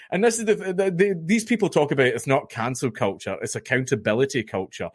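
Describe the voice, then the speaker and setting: A man's voice: mid-range voice, brisk, hardly any pauses, breathy edge, no room sound, clean studio sound. A Scottish man talking as a podcast guest in casual chat, animatedly acting out the people he mocks. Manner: animated, mocking storyteller who acts out quotes.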